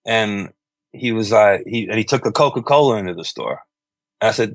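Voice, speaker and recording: A man being interviewed about his music, talking loosely and filling pauses with "you know". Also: fairly low pitch, lively intonation, vocal fry, dry recording. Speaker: musician guest. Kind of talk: conversational interview.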